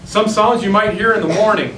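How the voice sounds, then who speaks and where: This turkey hunting instructor's voice is high-pitched, bright and forceful, and he speaks briskly with an Upper Midwest American accent. His outdoor demonstration for hunters is folksy, plain and step by step. The recording sounds roomy and distant, with faint ambience and a little hiss or hum.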